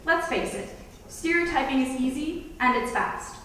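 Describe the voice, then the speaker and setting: A woman's voice: high-pitched, normal speed, fairly bright tone. A woman student giving an emphatic prepared speech at a school competition, now and then slipping into mock accents. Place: school hall. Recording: echoey hall, voice from far off.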